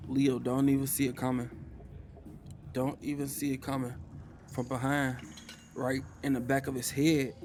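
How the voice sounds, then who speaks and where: A man's voice: mid-range voice, darkish tone. A man, narrating a tabletop game as game master in a casual way, sighing and muttering to himself.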